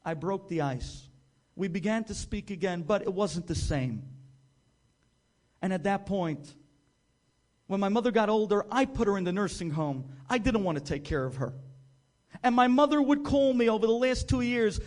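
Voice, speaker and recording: Man doing a bitter middle-aged daughter, blunt, resentful, high voice. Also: darkish tone.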